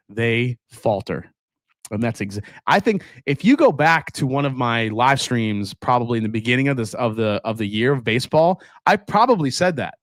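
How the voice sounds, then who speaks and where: A man's voice: mid-range voice, a bit bright, no room sound, clean studio sound. A man hosting a casual live stream, chatting loosely and laughing as he reads viewer comments aloud. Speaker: whiskey livestream host.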